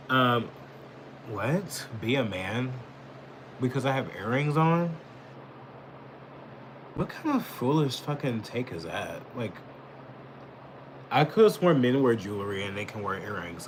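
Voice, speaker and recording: A man's voice: mid-range voice, a little hiss or hum, low-quality recording. A man giving casual live political commentary, rambling, swearing and snapping back at chat comments. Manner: rambling, profane, reacts angrily to chat comments.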